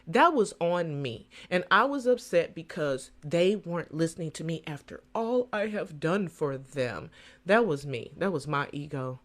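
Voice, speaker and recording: A middle-aged woman with a fairly low voice hosts a solo podcast as a coach, speaking at a moderate pace. Her talk is casual yet preachy, with lively swings in her voice.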